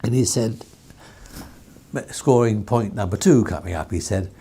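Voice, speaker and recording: A man's voice: lowish voice, unhurried, mellow, husky. Chuckling older man spinning an anecdote. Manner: rambling, chuckling storyteller with many restarts. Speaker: interviewee, former newspaper editor. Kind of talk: anecdotal reminiscence.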